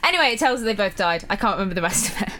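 A woman's voice: mid-range voice, very animated, racing, sharp tone. A young woman in her twenties co-hosting a casual student radio show, giggly and rambling. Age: young adult. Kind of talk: casual chat.

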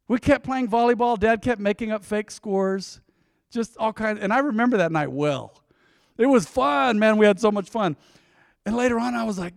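A man, preaching a sermon as pastor and telling a story from the pulpit, loud exhortations giving way to hushed asides. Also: high-pitched, vocal fry, no echo, studio quality, big-room sound.

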